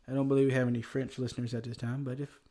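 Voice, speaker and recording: Southern guy hosting a history podcast, mellow voice, chuckles a lot, easygoing. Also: mid-range voice, flat delivery, fast. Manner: chuckles often, loose and conversational. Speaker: podcast host. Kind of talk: casual history podcast chat.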